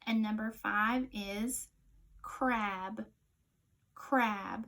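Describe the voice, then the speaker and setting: A woman teaching a phonics lesson to young children, sounding out each letter slowly and clearly. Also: medium pitch, fairly even intonation, fairly bright tone.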